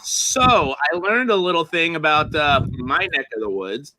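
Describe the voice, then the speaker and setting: A man's voice: a little high, a little slow, no room sound, low-quality recording. A man casually telling a long, rambling, profane story to friends on a comedy chat show. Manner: rambling, profane, animated retelling.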